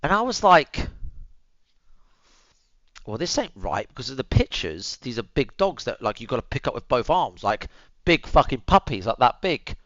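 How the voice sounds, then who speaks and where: A man's voice: mid-range voice, sing-song, moderate pace, few pauses, a bit bright, no echo, lo-fi sound. A young man, telling a story to his viewers in casual chat, swearing freely and calling them boys and bro, muttering asides while he tends his dog. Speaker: streamer.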